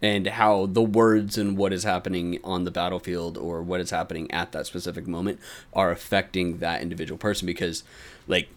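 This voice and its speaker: A man's voice: deep voice, flat delivery, a little fast. A man hosting a casual anime podcast, rambling, swearing and laughing often. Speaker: podcast host.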